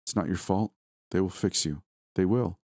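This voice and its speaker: A man's voice: deep voice, normal speed, a little mellow, dry recording, clean studio sound. A man voicing a frightened, grieving young wife who pleads tearfully, in a horror story read aloud. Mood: distraught.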